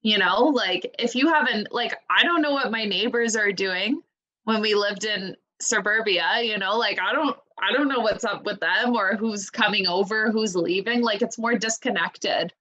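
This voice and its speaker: Bright-voiced young woman chatting. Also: mid-range voice, normal speed, dull audio. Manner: chatty, full of "like" and "you know". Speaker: podcast co-host. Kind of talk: casual chat.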